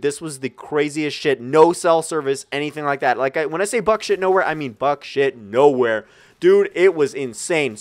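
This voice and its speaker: A young man telling a rambling, profane story in a casual storytime video, talking straight to his viewers. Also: fairly high pitch. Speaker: gaming channel storyteller. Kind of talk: casual storytime over gameplay.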